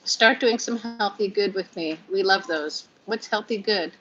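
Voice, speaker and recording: A woman's voice: medium pitch, a little slow, a bit bright, slight background noise. A woman in her fifties chatting on a livestream from home, scattered and confiding, laughing through sadness. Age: 50s. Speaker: vlogger hosting a livestream. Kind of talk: rambling emotional livestream chat. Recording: lo-fi livestream audio.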